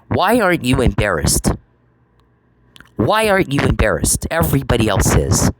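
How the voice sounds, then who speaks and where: A man's voice: medium pitch, wildly swooping pitch, normal speed. A man delivering an angry solo monologue, confrontational and profane, repeating phrases for emphasis. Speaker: channel host. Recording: noisy recording with clicks.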